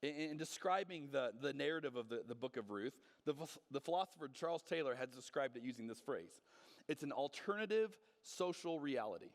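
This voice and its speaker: A man's voice: medium pitch, brisk, few pauses, big-room sound. A man preaching a sermon as pastor, earnest and conversational, often restarting his words. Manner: earnest, conversational, frequent restarts and stammered repeats. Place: church sanctuary.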